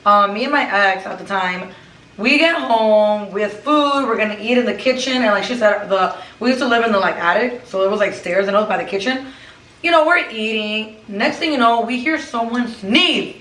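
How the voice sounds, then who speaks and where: A woman telling a scary personal story in casual chat, lively and mixing English with Spanish. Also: fairly high pitch, normal speed. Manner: animated, switches between English and Spanish. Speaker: co-host. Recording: roomy, recorded from a distance.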